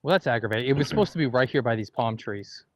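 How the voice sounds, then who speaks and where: A man speaks casually while playing a round outdoors, calling his club and target before each shot. He is plain-spoken and gets mildly frustrated when things go wrong. His voice has a middle pitch. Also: expressive, quick pace, dry recording. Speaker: golfer and co-host. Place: outdoors on a golf course.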